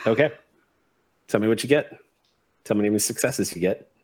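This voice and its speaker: A man's voice: fairly low pitch, a little fast, a little mellow, breathy edge. A man narrating and running a tabletop role-playing game as game master, in a casual, easygoing way with laughs between the rules.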